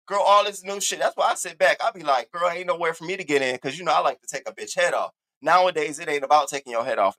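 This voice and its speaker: A man hosting a casual live commentary stream, talking in an animated, sassy and profane way, repeating catchphrases and swinging his voice up high for emphasis. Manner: animated, sassy and profane, with big swoops in pitch. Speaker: livestream host.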